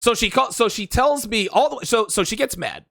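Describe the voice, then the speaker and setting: A man's voice: extremely high pitch, animated, fairly quick, vocal fry, a bit bright, no room sound, clean studio sound. A man hosting a dating advice stream, talking in a crude, profane, rambling solo monologue and repeating himself for emphasis.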